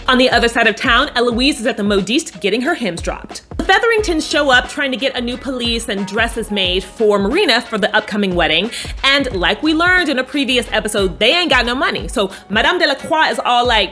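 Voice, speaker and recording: A young woman casually recapping a TV episode in a sassy, animated way, swearing freely and acting out the characters' lines. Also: a little high, a little fast, soft background music. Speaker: recap host.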